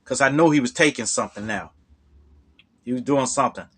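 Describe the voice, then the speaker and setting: A man telling a true story in a casual way. He repeats words and jumps up high when he gets indignant. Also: brisk, a bit bright, slightly rough.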